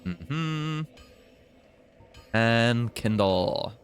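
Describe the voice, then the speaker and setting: A man's voice: medium pitch, animated, drawn-out words, soft background music. A young British man giving casual, chatty commentary while streaming a game, swearing and teasing enemies. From Britain.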